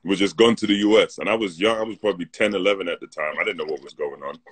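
A man's voice: deep voice, rapid-fire, slightly rough, poor audio. A man with a London accent, from North London, telling a laid-back story in a casual chat on a live phone stream. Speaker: co-host. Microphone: phone on a live video stream.

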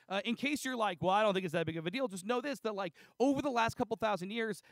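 A man's voice: high voice, no room sound. A man preaching a casual, chatty sermon, retelling a story with lots of fillers and acted-out dialogue. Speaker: pastor. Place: church.

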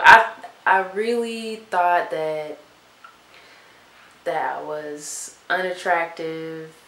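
A young woman vlogger talking softly and from the heart, in a casual chat to camera. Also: sits low. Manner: soft-spoken and heartfelt. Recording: echoey room with faint hiss.

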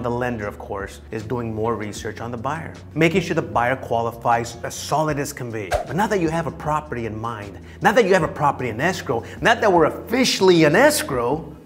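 A man teaching real estate in a lively, theatrical way, acting out the conversations he describes. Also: mid-range voice. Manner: lively, theatrical, acts out dialogues. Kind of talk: animated teaching talk.

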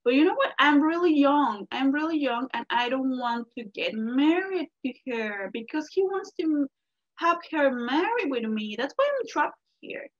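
A woman voicing a clever young male rabbit who sweet-talks softly. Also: high-pitched, animated, normal speed. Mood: scheming. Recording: dull lo-fi recording.

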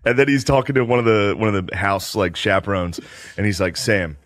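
A man's voice: fairly low pitch, brisk, dry recording. A man co-hosting a casual chat, telling stories with acted-out quotes and frequent laughter. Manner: animated, acts out quotes, laughs often.

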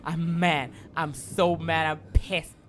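A man's voice: fairly high pitch, little pitch movement, slow, crowd noise. A man streaming live gameplay, frustrated, swearing and repeating himself as he talks through the game.

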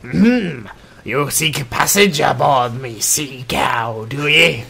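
A man playing a gravelly old pirate captain. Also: mid-range voice, slow pace, bright, forceful tone, slight background noise, full character voice. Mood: jolly boastful. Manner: pirate talk with "arr" and "ye", hearty laughs. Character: gruff boastful old male sea captain, pirate.

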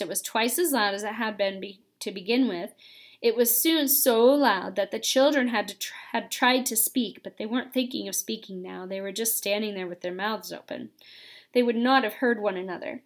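Expressive woman reading a children's novel. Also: a little high. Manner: expressive, lively storytelling. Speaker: audiobook reader.

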